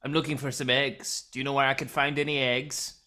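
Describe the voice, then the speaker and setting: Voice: mid-range voice, level tone, fairly quick, bright, forceful tone. A player in a tabletop game, eager, playful and blunt.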